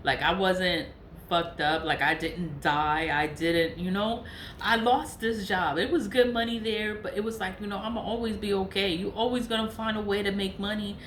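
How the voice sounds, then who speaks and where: A woman's voice: medium pitch, steady tone, moderate pace, a bit bright, a little hiss or hum. A woman vlogger venting in a profane, repetitive monologue to camera. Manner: venting, profane, repeats herself. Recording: echoey room with faint ambience.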